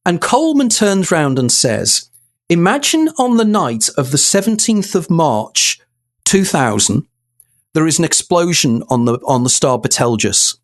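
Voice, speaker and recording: A man's voice: a little high, sing-song, unhurried. A man, a guest in an interview, telling a story with animation and acting out quoted dialogue. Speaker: guest author.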